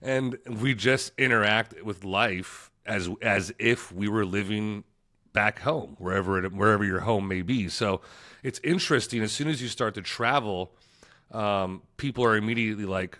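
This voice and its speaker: A man's voice: lowish voice, moderate pace, bright, forceful tone. A man, a travel creator telling stories as a guest in a casual podcast interview, laid-back, laughing often and calling people dude.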